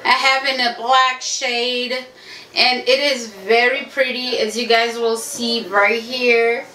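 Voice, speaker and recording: A slow-talking woman from Haiti with a bright, high voice gushes casually about beauty products, recorded on a camera mic. The room around her is echoey, with a faint hum of household ambience. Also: fairly even intonation. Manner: chatty, gushing, addresses viewers as y'all. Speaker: beauty vlogger. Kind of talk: casual unboxing review. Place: home room with family noise around.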